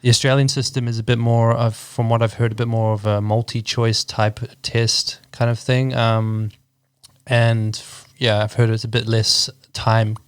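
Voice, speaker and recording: A man in his thirties from New Zealand with a New Zealand accent, a guest architect chatting casually in an interview with relaxed, hesitant speech full of ums. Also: mid-range voice, normal speed, smooth, dry recording.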